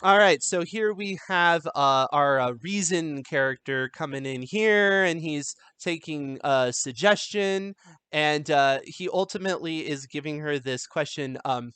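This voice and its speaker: A man teaching writing, talking through a film script in a loose, chatty way with lots of fillers. His voice sits a little higher than most men's. The sound is dry and close, with no room echo. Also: a little slow, sharp tone, clear, resonant tone. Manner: conversational, many fillers and restarts; reads film quotes aloud. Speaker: writing instructor. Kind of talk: script analysis lesson.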